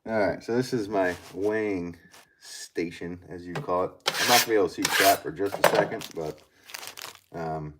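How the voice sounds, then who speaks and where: A man with a very low voice chats easily on a live stream, thinking aloud as he works and answering viewers. Loud background noise and clicks run under the recording from his studio. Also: moderate pace. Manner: easygoing, thinks aloud, reads chat comments. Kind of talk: casual live-stream chat while working. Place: pottery studio.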